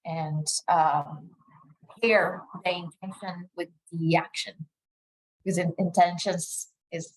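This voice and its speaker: A woman presenting in a casual webinar discussion over a video call, speaking thoughtfully with frequent pauses and fillers. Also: on the low side, steady tone, rough recording.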